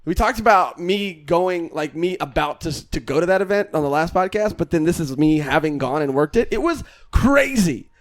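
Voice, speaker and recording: A man co-hosting a comedy podcast, telling stories with a jokey, animated delivery. His voice is notably high. It swoops up and down expressively. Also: normal speed, few pauses. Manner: joking, animated storyteller. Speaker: podcast co-host. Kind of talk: casual comedic podcast banter.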